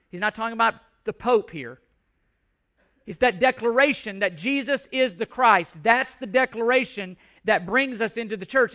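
A man's voice: extremely high pitch, bright, forceful tone. A man preaching a sermon to a congregation, emphatic, repeating and restarting phrases as he drives his points home. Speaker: pastor.

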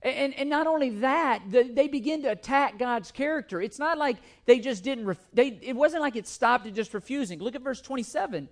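A man preaching a sermon, reading scripture slowly and then speaking in quick, emphatic asides, often repeating his words. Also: very high-pitched, lively intonation. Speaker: pastor.

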